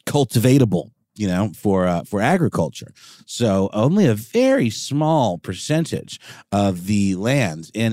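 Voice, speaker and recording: Low-voiced man co-hosting a chatty podcast. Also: no room sound, clean studio sound. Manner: relaxed, hesitant with fillers. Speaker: podcast co-host. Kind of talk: casual chat.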